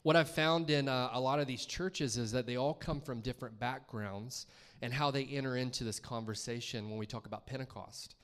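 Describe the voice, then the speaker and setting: A man preaches a personal testimony, chatty and storytelling, voicing his own reactions. His mid-pitched voice rings with the long reverb of a church hall. The tone stays conversational rather than formal. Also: fairly quick, a bit bright. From Columbus, Georgia, US. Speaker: guest preacher. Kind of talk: testimony sermon. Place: church sanctuary.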